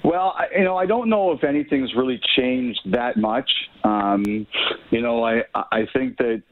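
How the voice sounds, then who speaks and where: A man calling in as a hockey insider guest, out of breath and talking in halting bursts with many restarts. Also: medium pitch. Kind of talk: phone interview. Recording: tinny phone line.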